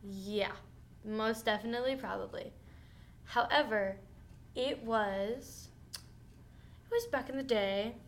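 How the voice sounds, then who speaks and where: A young woman co-hosting a casual podcast, chatting in a relaxed way and laughing often. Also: a little high, takes it slowly, pauses often, a little hiss or hum. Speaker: podcast co-host. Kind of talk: casual chat.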